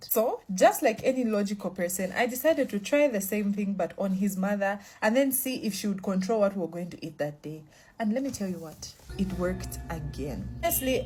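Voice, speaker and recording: A woman's voice: mid-range voice, dark tone, breathy edge. A woman telling a casual storytime in a confessional, matter-of-fact way.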